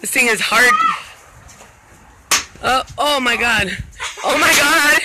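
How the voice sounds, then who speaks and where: A woman filming a backyard party, chatty and excitable, laughing often and calling out to the kids and the dogs. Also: on the high side, slow. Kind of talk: casual home video narration. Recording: noisy outdoor phone video.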